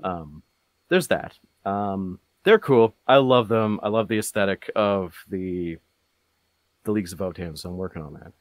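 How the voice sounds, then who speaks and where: Casual male talker, lowish voice, loose and rambly with lots of ums, dry close mic. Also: measured pace, no room sound. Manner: rambling, many fillers and restarts, gets animated. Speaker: podcast guest. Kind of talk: casual chat.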